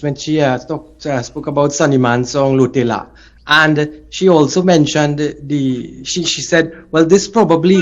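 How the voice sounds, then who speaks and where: Man, academic panel guest, measured and hesitant, higher voice, muffled lo-fi audio. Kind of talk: panel interview.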